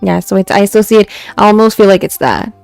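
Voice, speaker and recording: A woman's voice: medium pitch, lively intonation, fast talker, creaky, darkish tone, no room sound, soft background music. A young woman with an Indian English accent streaming live, chatting casually and mixing English with Hindi, full of restarts. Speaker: VTuber streamer. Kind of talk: casual live-stream chat about fan poetry.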